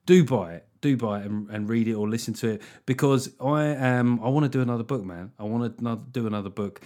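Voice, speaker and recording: A middle-aged comedian talking alone into a podcast mic in a mid-pitched, everyday voice. He rambles, doubles back on himself and drops wry, self-mocking asides. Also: fast, dark tone. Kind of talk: casual solo podcast chat.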